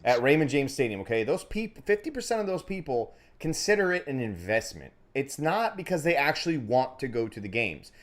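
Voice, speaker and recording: Man, podcast host, lively swinging pitch, slightly high voice, profane ranting chat. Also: moderate pace, few pauses.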